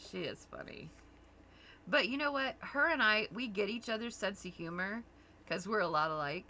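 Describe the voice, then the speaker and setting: A woman's voice: mid-range voice, lively intonation, normal speed, bright, forceful tone, a little hiss or hum. A middle-aged woman hosting a crafting livestream, chatting casually with her daughter and laughing easily. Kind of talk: casual chat while crafting.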